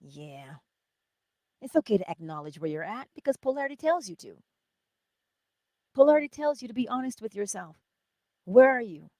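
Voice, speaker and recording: Lively woman giving a pep talk. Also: on the high side, normal speed, pauses often, no echo, studio quality. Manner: lively, swings between loud cheering and soft whispers; laughs often. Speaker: host of a morning inspiration live stream. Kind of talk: animated motivational talk.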